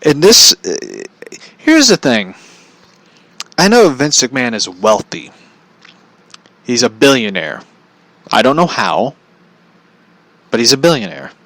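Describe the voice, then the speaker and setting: A man's voice: medium pitch, sing-song, slow pace, vocal fry, long pauses, fairly bright tone, no echo, low-quality recording. A man ranting bluntly in a casual commentary vlog, swearing freely and often laughing at his own points. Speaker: vlogger.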